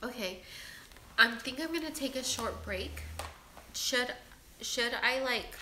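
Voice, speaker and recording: Bright, emotional woman in an echoey room. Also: a little high, lively intonation, slow pace, slight background noise. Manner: emotional, pleading and earnest. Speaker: livestream host. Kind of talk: casual livestream chat and reading viewer entries aloud. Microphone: webcam or phone on a livestream. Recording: roomy echo.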